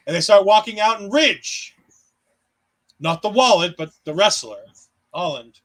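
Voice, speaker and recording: Guy cohosting a wrestling recap, high bright voice, swears a lot, jokey asides. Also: moderate pace, rough recording. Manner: animated, swearing, joking asides. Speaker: podcast co-host. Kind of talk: casual wrestling recap chat.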